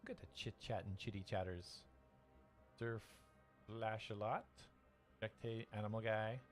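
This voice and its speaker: A man's voice: on the low side, steady tone, measured pace, soft background music. A man acting as game master and live-stream host, chatting casually and laughing often as he greets viewers.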